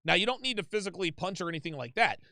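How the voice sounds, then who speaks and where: A man's voice: sits high, big pitch swings, rapid-fire, creaky, pushed and bright, no echo, studio quality. A man hosting a call-in advice show, talking bluntly and emphatically with plenty of swearing. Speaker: host taking calls.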